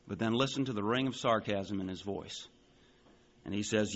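A man in his forties preaching a sermon, telling a story with animated emphasis. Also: fairly low pitch, normal speed, highs cut off. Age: 40s. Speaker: pastor.

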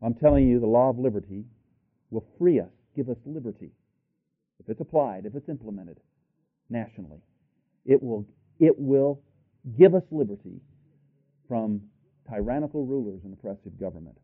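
Preaching to his congregation, a man fires off rhetorical questions in succession, building to loud, forceful climaxes. He has a medium-pitched, animated voice at normal speed, with frequent pauses. The recording sounds thin and tinny, as though over a phone line.

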